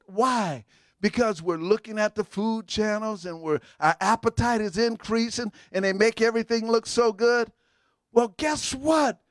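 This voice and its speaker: A middle-aged man preaching with a high, ringing voice. He calls to the congregation for amens and punches certain words with sudden shouts. The sound is close and dry, with no room echo. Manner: call-and-response preaching, sudden shouted emphasis. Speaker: pastor. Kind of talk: sermon.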